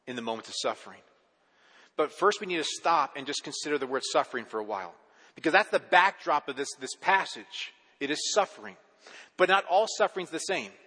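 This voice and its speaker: A man preaches from the pulpit in a bright, somewhat high voice that rings through a reverberant sanctuary. He talks conversationally, firing rhetorical questions and stumbling over repeated words as he builds. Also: breathy edge. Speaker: pastor. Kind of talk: sermon.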